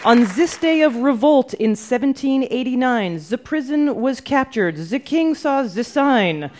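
A hammy French lady, as a woman puts her on recites with a thick, exaggerated accent. Her voice sits a bit high, with faint noise behind. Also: lively intonation, unhurried, darkish tone, a faint crowd. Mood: mock-grand. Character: French woman living abroad, mock-grand.

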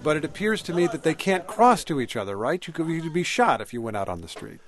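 A man interviewing a filmmaker, describing scenes and asking questions in a measured way. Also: a little high, big pitch swings. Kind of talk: radio-style interview questions and film description.

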